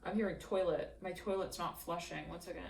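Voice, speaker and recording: With a low, gravelly, darkish voice, a woman briskly delivers a channeled tarot reading, wandering freely and voicing quoted characters. She's recorded from a distance in an echoey room with slight background noise.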